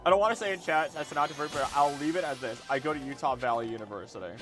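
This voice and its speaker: A man's voice: a little high, fast talker, over music. A man in his twenties chatting casually to his viewers while playing a game, rambling and repeating himself as he reacts. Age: 20s. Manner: rambling, repeats words, talks to chat. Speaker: streamer. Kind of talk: casual gameplay livestream chat.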